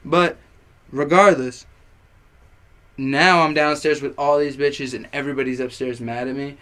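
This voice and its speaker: A young man, a rapper on as a podcast guest, telling a party story in casual chat, animated and profane, packed with fillers. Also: mid-range voice, unhurried, clear, resonant tone.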